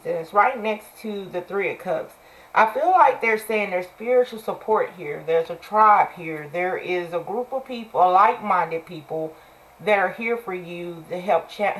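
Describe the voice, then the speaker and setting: A woman in her forties reading tarot in an easygoing, off-the-cuff way. Her voice sits on the lower side. She talks bluntly and candidly, curses without hesitation and repeats key phrases to drive them home. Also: rough recording. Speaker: tarot reader.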